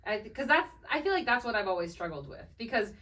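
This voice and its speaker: A woman's voice: a little high, sing-song, fast talker, a bit bright, far from the mic. A young woman co-hosting a podcast, chatting casually and rambling with lots of fillers and restarts. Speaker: podcast co-host. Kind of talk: casual chat.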